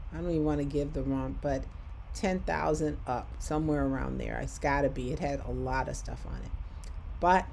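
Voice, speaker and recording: A woman's voice: low voice, mellow, slight background noise. A woman from Michigan telling a personal story in a vlog, acting out both sides of a conversation.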